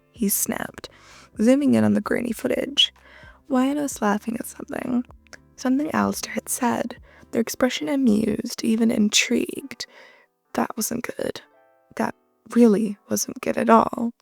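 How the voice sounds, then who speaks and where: Slow, gravelly woman reading a story. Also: a little high, steady tone, no echo, soft background music. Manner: reads narration and acts out every character. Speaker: narrator. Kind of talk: narrated fan fiction audio story.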